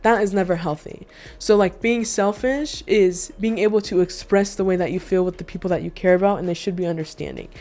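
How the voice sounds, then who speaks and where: A woman's voice: lowish voice, a little fast, mellow. A young woman vlogger in casual chat indoors, telling stories candidly and animatedly with lots of asides. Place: indoor room.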